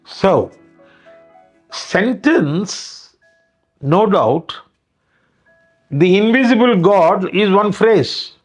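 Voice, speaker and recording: An older man with an Indian English accent lectures on grammar in a high, light voice. He takes his time over each phrase, with soft music faintly in the background. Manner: slow, deliberate, acts out example sentences with varied intonation. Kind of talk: classroom lecture.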